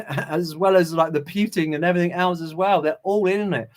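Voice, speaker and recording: In a high voice with a steady tone and moderate pace, a middle-aged man runs a relaxed livestream. He says hello to chat viewers and preaches with passion, breaking up his preachy, impassioned remarks with short chuckles.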